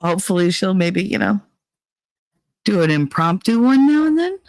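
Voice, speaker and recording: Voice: mid-range voice, sing-song, normal speed, gravelly, long pauses, a little mellow, no echo, poor audio. A livestream host chatting casually and profanely with viewers, rambling, laughing and humming filler tunes between thoughts. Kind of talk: casual rambling chat to a live chat.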